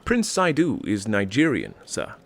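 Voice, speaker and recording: A man playing a polite, smooth-talking English phone scammer in a comedy sketch, formal and unflappable, with an English accent. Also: mid-range voice, huge pitch swings, measured pace, no echo, heavily acted. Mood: patient. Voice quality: velvet smooth, courteous.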